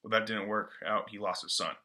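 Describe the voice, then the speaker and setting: Slangy young man with a bright voice. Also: fairly low pitch, little pitch movement, fairly quick. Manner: loose, slangy, full of fillers. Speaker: student presenter. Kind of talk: casual book-report talk.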